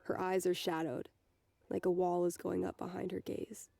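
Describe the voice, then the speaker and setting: A woman reads a novel aloud in a low, gravelly, mellow voice. She narrates softly in the first person and slips quietly into the dialogue. The sound is dry and close. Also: little pitch movement, normal speed, no echo. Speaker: reader.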